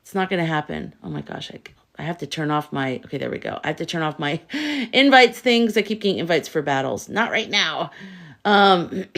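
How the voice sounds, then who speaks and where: A woman's voice: on the low side, very animated, moderate pace, a bit bright. A woman hosting a live stream as a tarot reader, chatting casually, firing off rhetorical questions and answering viewer comments. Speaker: tarot reader and livestream host.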